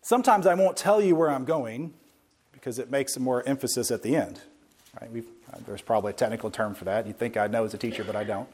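This Bible teacher delivers a sermon-style lesson with emphasis, slowing down to stress key words and tossing conversational asides to his listeners. His voice sits at medium pitch with a darkish tone.

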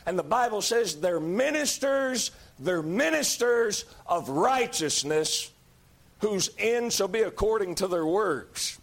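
Emphatic high-voiced preacher. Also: male voice, lively intonation, slow pace, gravelly. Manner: folksy, emphatic, rising to shouts. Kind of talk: sermon.

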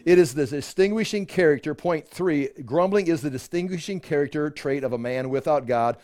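Man, slightly high voice, casual Bible-study teacher, rambling and chuckling, dry close sound. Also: brisk, a little mellow, dry recording. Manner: conversational, with frequent restarts and chuckles. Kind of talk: informal Bible teaching to a small group.

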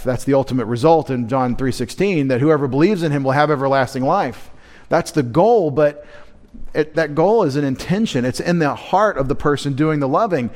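Emphatic man preaching a sermon. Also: fairly high pitch. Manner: emphatic, rhetorical questions, quoting scripture. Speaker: pastor. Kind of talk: midweek sermon.

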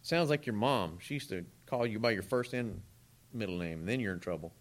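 A man preaching a sermon in a conversational, animated way, with asides to his congregation. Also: on the low side, brisk.

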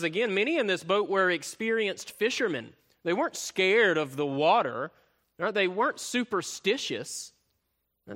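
A man preaching a sermon, often tagging points with "right?" and swinging from loud emphasis to soft, quiet delivery. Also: on the high side. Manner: frequent tag questions "right?", swells louder then drops soft. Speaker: pastor.

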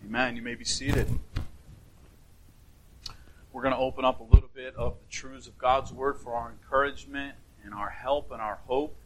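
A male pastor giving an earnest memorial sermon in a church sanctuary, speaking gently with frequent restarts. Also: mid-range voice, steady tone, moderate pace, pauses often, background noise.

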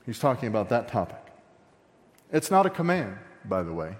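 Lively preacher in an echoing hall. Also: male voice, fairly low pitch, normal speed. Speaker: pastor. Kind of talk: expository sermon.

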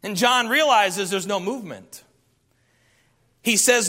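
A man preaching a sermon, his voice pitched high and ringing bright as he reads scripture aloud. He stacks up emphatic lists of repeated phrases. Each word trails off in a long reverb, as if in a large sanctuary. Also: slow, long pauses.

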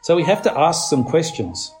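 A man preaching a sermon, leaning on words slowly for emphasis and climbing to urgent, raised passages. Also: sing-song, darkish tone, a little hiss or hum. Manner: preaching with slow emphatic stresses, rising to urgent highs.

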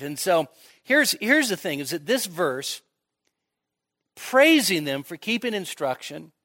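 A man's voice: high-pitched, pushed and bright. A man preaching an expository sermon to his congregation in a conversational way, often checking in with "right?" and "okay?" and acting out imagined dialogue with playful sarcasm. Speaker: pastor.

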